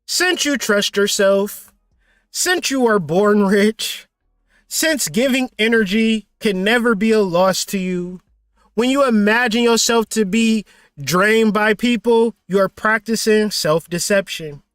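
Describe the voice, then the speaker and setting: A man's voice: high voice, slow, fairly bright tone, clear, resonant tone, no room sound, clean studio sound. A man hosting a motivational livestream talk, blunt and profane, preaching with rhetorical questions. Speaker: spiritual teacher and channel host.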